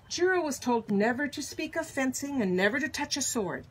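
An older woman reading a children's picture book aloud, expressive and animated. Her voice sits fairly high and moves over a wide range. A faint hiss runs beneath her reading. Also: normal speed, few pauses, low-quality recording. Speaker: storybook reader.

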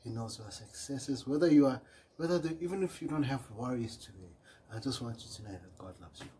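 A man's voice: mid-range voice, brisk, slight background noise, low-quality recording. A man giving a short devotional sermon, earnest and repetitive, reading scripture and stopping to correct himself. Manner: earnest and repetitive, often trailing off quietly at phrase ends; reads scripture aloud, correcting himself with small apologies. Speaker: preacher.

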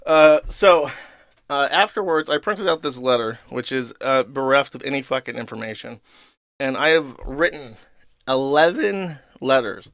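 A man's voice: medium pitch, a bit bright, clean tone, dry recording. A man hosting a show, telling a story in an irritated, profane, sarcastic rant. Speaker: streamer host. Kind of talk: casual ranting monologue.

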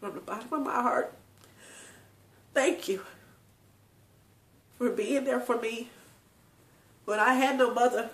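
Lady vlogging family memories, bright voice, teary and laughing, echoey room. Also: fairly high pitch, slow, long pauses. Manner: tearful, laughing often, talks to viewers. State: crying at times. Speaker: channel host. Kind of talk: emotional personal storytelling.

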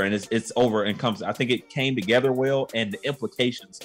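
A man co-hosting a podcast, joking and teasing in animated casual chat. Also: mid-range voice, soft background music. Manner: animated, joking, quick to tease. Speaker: podcast co-host.

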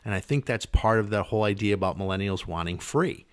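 A man's voice: on the low side, fast, clear, resonant tone. A man hosting a podcast interview, chatty and prone to repeating words as he thinks. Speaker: podcast host.

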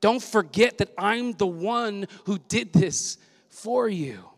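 Man, pastor, fiery sermon, high voice, long hall reverb. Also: takes it slowly. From Southern California. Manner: energetic preaching, punchy repetition, call-and-response with the congregation. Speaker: senior pastor. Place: church sanctuary.

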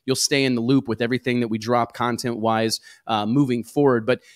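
Guy hosting a chat show, upbeat and rambly, mid pitch, dry close mic. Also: a little fast, no echo. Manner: energetic, rambling promoter. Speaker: talk show host. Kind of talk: casual podcast chat.

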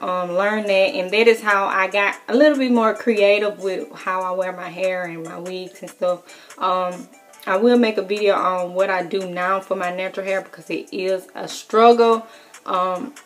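Friendly Southern woman vlogger, mid-pitched, casual and encouraging with lots of ums. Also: steady tone, normal speed, a bit bright. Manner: chatty and encouraging, frequent ums, repeats words for emphasis. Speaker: military service member vlogger. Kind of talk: casual how-to vlog chat.

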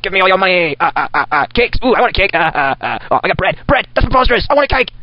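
Putting on a crazed Santa persona, a man gives manic, cackling in-character commentary while gaming. His high voice is sing-song and racing. The sped-up home desktop recording sounds dull, lo-fi, and dry.

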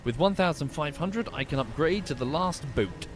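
Chatty man with lively pitch. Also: normal speed, noisy background. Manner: chatty, wry, swears casually. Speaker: streamer. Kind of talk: casual gameplay commentary.

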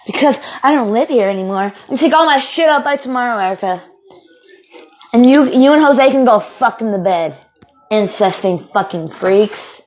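A woman's voice: on the high side, lively intonation, normal speed, darkish tone, rough recording. A woman playing a bitter, swearing young woman. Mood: angry. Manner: swearing, ranting, sarcastic. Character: bitter, volatile young woman kicked out by family. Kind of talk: amateur film acting.

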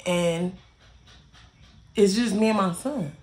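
A woman's voice: medium pitch, slow, darkish tone. A young woman telling a storytime in a casual, irritated rant, blunt and heavily profane, repeating phrases for emphasis.

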